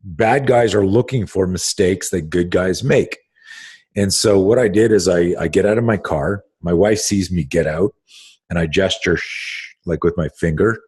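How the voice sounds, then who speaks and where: A man's voice: sits low, normal speed, darkish tone, husky. A middle-aged man, a self-defense instructor, telling a story on a podcast in an intense, blunt way, swearing freely and restarting sentences.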